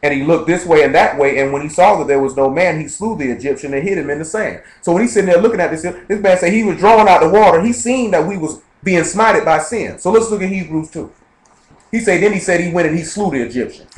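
A man preaches at speed in a casual, conversational way, reading verses and then breaking them down for the people in front of him. His voice sits a little high for a man. The live recording rings with room echo. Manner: rapid, conversational, quotes scripture and checks in with listeners. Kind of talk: informal Bible study sermon. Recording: echoey live-streamed room.

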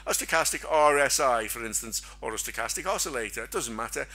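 A middle-aged man leads a trading webinar in a relaxed, talky way, firing off rhetorical questions as he goes. His voice is bright and forward, with an everyday pitch for a man. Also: fast. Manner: chatty, asks rhetorical questions, acts out silly quoted voices. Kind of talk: casual teaching chat.

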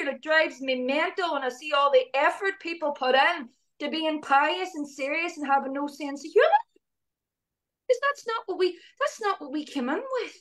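A woman guest in casual conversation, chatty and animated, laughing often as she talks. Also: sits high.

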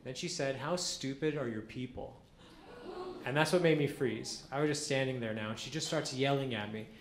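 A man performing a stand-up comedy set on a club stage, telling deadpan stories with acted-out quotes. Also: medium pitch, fast talker. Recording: echoey club with audience noise. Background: audience laughter.

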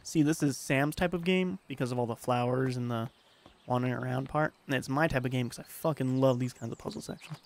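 A man's voice: medium pitch, a little fast, creaky. A man streaming a puzzle game, rambling and self-mocking while reading game text aloud. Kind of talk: casual game commentary.

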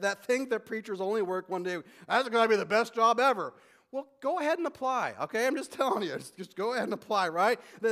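A man pastor preaching a sermon in a conversational way, often restarting and repeating words. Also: sits high. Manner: conversational preaching, acts out quick back-and-forth dialogue.

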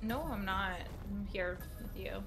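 A woman's voice: mid-range voice, a little slow, over music. A woman chatting as a streamer's teammate during a game, teasing and laughing often. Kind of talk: casual chat while gaming.

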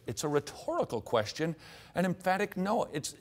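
Middle-aged guy teaching bible verses, super lively up-and-down voice, throws in jokes. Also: fairly high pitch, normal speed. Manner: animated, jokey asides, reads scripture aloud. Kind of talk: teaching on a studio show.

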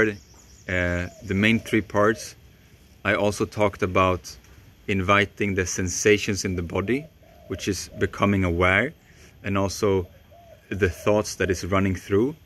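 A man calmly explaining voice techniques in a reflective spoken lesson, pausing often. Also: on the low side. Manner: slow, calm and reflective, with pauses. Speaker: voice coach.

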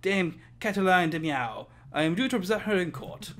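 A man voicing a male falcon lawyer, polite and measured. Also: high voice, animated, fairly bright tone. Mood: formal.

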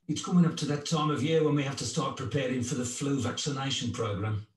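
A man playing a doctor in a scripted exam dialogue, speaking in a measured, conversational way. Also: mid-range voice, fairly even intonation, natural voice. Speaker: GP in a practice recording. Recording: roomy audio played back from far off.

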